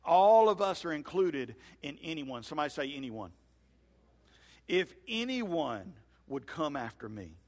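A male pastor preaching a sermon in a church sanctuary, acting out scripture dialogue with lively swings in voice. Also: a little high, a little slow. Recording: long hall reverb.

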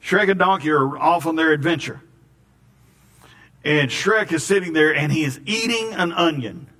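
A man's voice: a little high, moderate pace, bright, forceful tone. A man preaching a sermon in a folksy, storytelling way, often repeating words. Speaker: pastor.

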